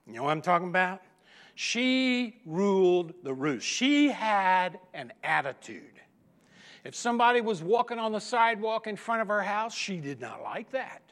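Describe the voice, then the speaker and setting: A middle-aged man preaching a sermon, telling humorous stories with dramatic pauses and emphatic repetition. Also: high-pitched, fairly bright tone. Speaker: pastor.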